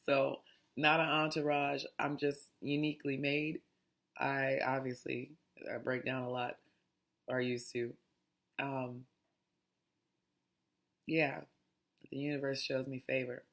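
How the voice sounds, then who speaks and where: Gravelly woman chatting through a mindfulness talk. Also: very deep voice, little pitch movement, takes it slowly, long pauses. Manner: chatty and digressive, restarts while reading. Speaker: host. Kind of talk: casual mindfulness talk, reading aloud.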